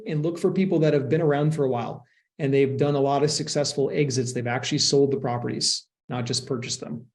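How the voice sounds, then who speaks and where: Male guest, fairly high voice, earnest and explanatory, restarts often, podcast interview. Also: darkish tone. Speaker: real estate investment sponsor, guest.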